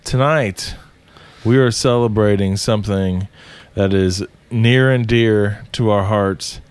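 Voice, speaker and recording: A man co-hosting a podcast, opening the show and making deadpan, mock-serious jokes in casual chat. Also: on the low side, slow pace, clean tone. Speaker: podcast co-host.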